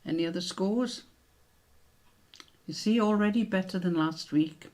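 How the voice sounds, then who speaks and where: Slow, deliberate British quizmaster man. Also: high-pitched. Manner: slow, deliberate, repeats each question with chatty asides. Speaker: quiz host. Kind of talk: reading out quiz questions.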